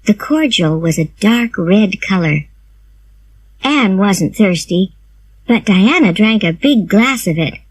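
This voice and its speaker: A woman reading a graded storybook aloud in a slow, clear and expressive storytelling manner. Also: medium pitch, rough recording. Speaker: reader. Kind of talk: graded reader narration.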